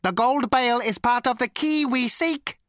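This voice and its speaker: An ancient robot with a cold, lifeless, cultured rasp, pitched well above the reader's own voice and strangely altered in tone. It speaks in a flat, solemn, patient way, heavy and deliberate, in a dry, close storybook recording. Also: male voice, dry recording.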